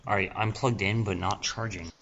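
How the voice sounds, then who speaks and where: A man's voice: lowish voice, steady tone, normal speed, vocal fry, fairly bright tone, lo-fi sound. A man chatting casually over a voice call, dropping dry remarks. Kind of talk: casual online group chat.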